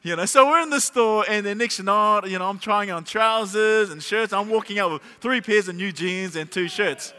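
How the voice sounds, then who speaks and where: Bright-voiced man preaching in a reverberant hall. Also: high voice, moderate pace, hardly any pauses. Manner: humorous storytelling with rhetorical questions. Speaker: pastor. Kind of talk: sermon.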